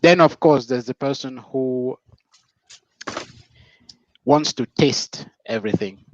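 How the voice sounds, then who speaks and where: A man working as a relationship coach, talking about communication in a measured, preacherly, reflective way. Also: medium pitch, slight background noise. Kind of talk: motivational advice talk. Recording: dull, dry lo-fi sound.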